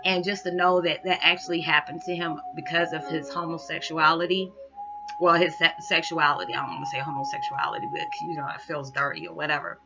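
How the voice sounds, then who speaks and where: A woman's voice: low voice, fairly even intonation, a little fast. Earnest woman vlogging over background music. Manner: earnest, rambling, emotional, acts out quotes. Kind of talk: emotional confessional monologue. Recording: dull recording with music behind.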